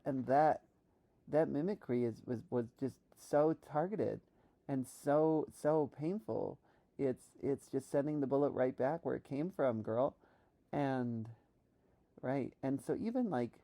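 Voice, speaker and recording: A woman from New York thinking aloud in a reflective solo monologue, halting with many restarts while she practices a trained voice. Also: very deep voice, mellow. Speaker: vlogger.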